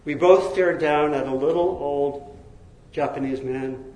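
Man, storyteller, expressive narration, slightly high voice, roomy echo. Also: unhurried. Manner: lively, laughs between lines, expressive.

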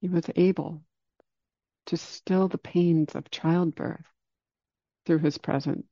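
A man giving a dharma talk, telling a story in a calm, unhurried way and slowing down for emphasis. It is a dull lo-fi recording. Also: on the high side, gravelly, dry recording. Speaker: meditation teacher.

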